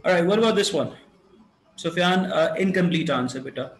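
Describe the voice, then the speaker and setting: A man, teaching an online class and dictating sentences slowly and deliberately. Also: on the high side, a little hiss or hum, rough recording. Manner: slow, deliberate dictation with code-switching to Urdu. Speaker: English teacher.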